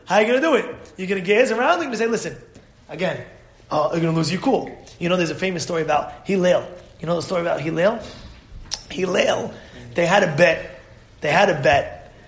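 A man's voice: high-pitched, brisk, creaky. A man, a rabbi, giving a Torah class, telling stories with acted-out voices. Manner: animated storyteller acting out voices. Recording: echoey room.

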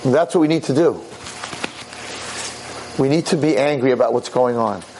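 A man's voice: medium pitch, moderate pace, noisy background. A man giving a Torah lecture in an impassioned, exhorting manner.

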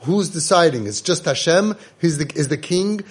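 A man with a somewhat high voice gives an animated Torah lecture. He mixes Hebrew terms into his English and acts out quotes with sudden raised bursts. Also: moderate pace, slightly rough. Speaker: Torah teacher.

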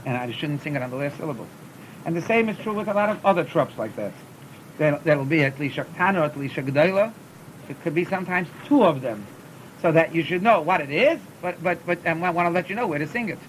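A man's voice: high-pitched, a bit bright, a little hiss or hum, low-quality recording. A man teaching cantillation in a class, often repeating words as he explains and chanting short examples. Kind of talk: classroom lesson.

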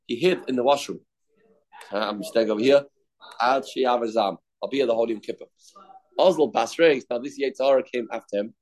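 Man teaching Talmud, lively retelling with Aramaic phrases, medium pitch. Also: a little fast, low-quality recording. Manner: animated storytelling, mixing Aramaic phrases and English. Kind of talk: Talmud class, retelling with acted quotes.

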